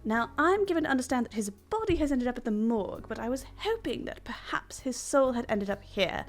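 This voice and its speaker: A woman's voice: fairly high pitch, lively intonation, fairly quick, faint music behind, voice pushed up. A woman voicing a formal, ingratiating female detective agency owner.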